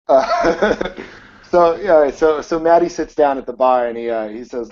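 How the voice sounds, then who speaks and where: A man's voice: fairly high pitch, slow, pauses often, a little mellow, muffled recording. A man narrating a tabletop game as game master, rambling with many fillers over an online call.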